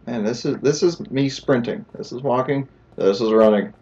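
A man with a mid-range, darkish voice, speaking at normal speed on dull-sounding audio, hosts a let's play. As he plays, he delivers jokey gameplay commentary and talks to the game.

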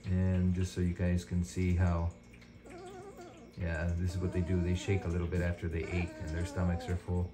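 A man's voice: deep voice, completely flat delivery, normal speed. A man who breeds dogs, chatting casually on a vlog and talking fondly to puppies, filmed on a handheld camera indoors. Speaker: dog breeder. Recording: noisy home video.

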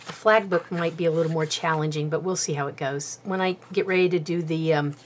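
A woman with a somewhat low voice talks through her craft project while she works with her hands. She is chatty and pokes fun at herself, a little out of breath, with faint noise under the recording. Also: fairly even intonation, brisk. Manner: chatty and self-deprecating, talking while working with her hands. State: slightly out of breath. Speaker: crafter demonstrating bookbinding. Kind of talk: casual craft tutorial chat.

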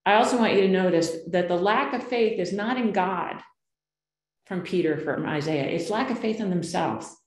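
Woman pastor giving a chatty sermon, mid pitch, lots of asides, roomy church echo. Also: normal speed, darkish tone. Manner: chatty, storytelling, asides and rhetorical questions. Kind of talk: conversational sermon. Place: church sanctuary. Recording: echoey church sanctuary.

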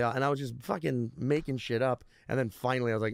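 Male comedian guest, mid-pitched, rambling and profane, dry close sound. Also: steady tone, a little fast, vocal fry, dry recording. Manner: rambling, profane, restarts a lot. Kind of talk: casual podcast interview.

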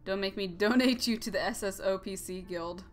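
A woman's voice: medium pitch, a little fast. A young woman hosting a let's play, rambling and joking as she comments on a game. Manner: giggly, joking, rambling asides. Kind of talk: casual gameplay commentary.

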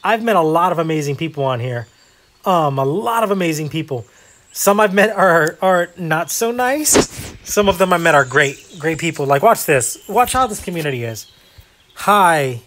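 A man's voice: fairly high pitch, lively intonation, moderate pace, fairly bright tone. A man hosting a casual gameplay video, chatting in a rambling, self-deprecating way with lots of fillers. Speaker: gaming video host.

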